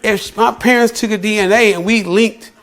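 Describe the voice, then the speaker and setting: An American vlogger talks casually to camera, giving his opinions emphatically, often repeating himself and calling the listener "bro." His voice is high and a bit bright, with a steady tone at normal speed.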